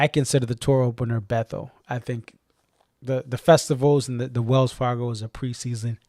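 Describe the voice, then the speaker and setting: A man's voice: medium pitch, no room sound, studio quality. A man with a faint Boston accent, rambling and correcting himself as he hosts a casual live-stream chat. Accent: slight Boston. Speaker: stream host.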